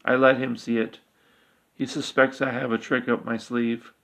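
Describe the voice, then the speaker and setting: A man's voice: medium pitch, level tone, moderate pace, vocal fry, fairly bright tone. A man voicing a desperate, secretive female elf who speaks urgently and confidingly.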